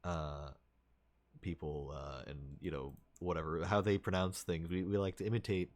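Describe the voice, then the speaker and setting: Male streamer, very low voice, rambling casual chat, chuckles, restarts sentences. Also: steady tone, moderate pace.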